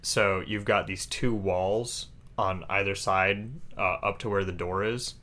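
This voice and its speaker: Bright-voiced man running a tabletop game. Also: sits low, steady tone, unhurried. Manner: casual, hesitant with fillers. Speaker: game master.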